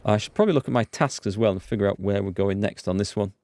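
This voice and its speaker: A man hosting a let's play, reading the game's dialogue aloud with quick asides to viewers. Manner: reads dialogue aloud with quick asides, jumps in pitch when excited. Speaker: gaming channel host.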